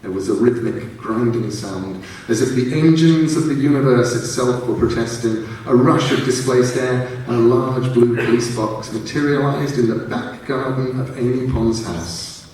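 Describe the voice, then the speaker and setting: A man narrates his own story aloud in a measured, storytelling way on a large theatre stage. His voice is heard from far off and rings around the hall, with a faint hum of room noise behind it. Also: medium pitch, a little mellow. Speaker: author reading his story. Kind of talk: live reading of fiction.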